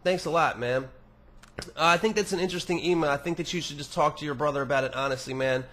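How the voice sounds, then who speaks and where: A man's voice: fairly high pitch, fast, fairly bright tone. A young man hosting a podcast, reading listener emails aloud and answering them in a rambling, profane, casual monologue with many restarts.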